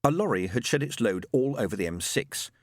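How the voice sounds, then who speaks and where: A man narrating an audiobook in an expressive, wry way. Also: medium pitch, fairly quick, no echo, studio quality. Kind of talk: scripted narration.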